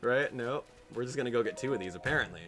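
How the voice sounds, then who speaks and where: A man's voice: mid-range voice, expressive, quick pace, a bit bright, faint music behind. A young man chatting casually while streaming a game live, joking with viewers and laughing often. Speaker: gaming streamer. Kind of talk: live gameplay stream chat.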